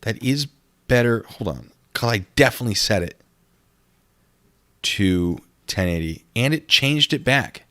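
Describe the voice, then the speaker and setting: A man's voice: medium pitch, expressive, unhurried, sharp tone. A man hosting a casual livestream, rambling and easily distracted as he reads out and answers chat comments.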